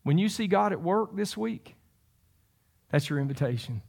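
Pastor guy in his 50s preaching, pretty high voice, keeps repeating stuff to hammer it home. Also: animated, normal speed, gravelly, a little mellow. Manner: emphatic, repeats phrases for stress. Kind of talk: sermon.

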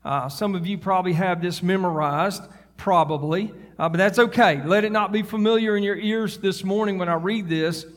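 A man's voice: high-pitched, moderate pace, big-room sound. A male pastor preaching a fervent sermon to his congregation, building up to hollering. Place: church sanctuary.

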